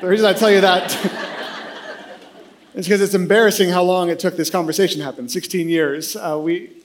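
A man in his thirties preaching a sermon, telling a self-deprecating funny story in an animated way. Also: high-pitched, normal speed, slight background noise. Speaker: pastor.

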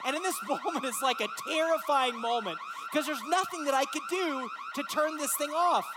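A man, a pastor, telling a lively personal story in a sermon and acting out the voices in it. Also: extremely high pitch, moderate pace, noisy background. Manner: animated, acts out voices in his story.

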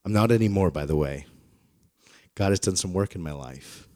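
A man in his thirties preaching a sermon through personal stories, in a conversational, self-deprecating manner that grows animated when he retells dialogue. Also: low-pitched, normal speed, no room sound, clean studio sound. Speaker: pastor. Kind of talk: storytelling sermon.

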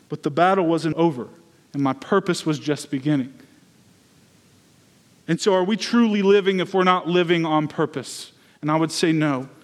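A man preaching a sermon as pastor, earnest and personal, telling his own story. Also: high-pitched.

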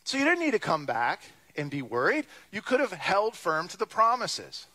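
A man's voice: high-pitched, normal speed. A man preaching a sermon, reading scripture and retelling it with wry humor and acted-out voices. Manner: lively, wry, acts out quoted voices. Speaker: pastor.

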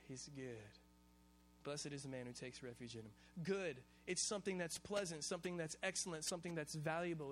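A high-pitched male pastor from Hawaii delivers a sermon in a loose, conversational manner, telling stories with casual slang. A faint hum runs under the recording. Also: a bit bright.

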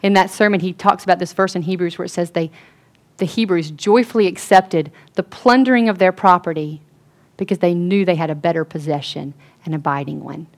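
A woman giving an earnest sermon-style testimony, telling a story and dropping to a hush for quoted lines. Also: on the low side, fairly quick. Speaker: speaker at a Christian gathering.

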